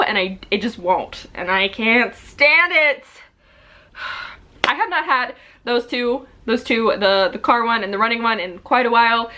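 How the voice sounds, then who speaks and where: A woman's voice: fairly high pitch, bright, forceful tone. A woman in her twenties telling a story to camera in a chatty, rambling way, full of fillers and self-corrections. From South Carolina. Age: 20s. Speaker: vlogger.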